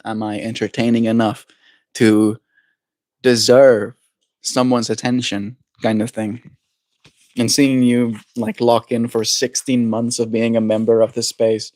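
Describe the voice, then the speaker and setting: A man streaming live, chatting casually and earnestly with viewers, and slowing down to read spiritual cards aloud. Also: medium pitch, a little mellow, no room sound, studio quality. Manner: slows into deliberate reading aloud. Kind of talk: casual livestream chat with oracle card reading.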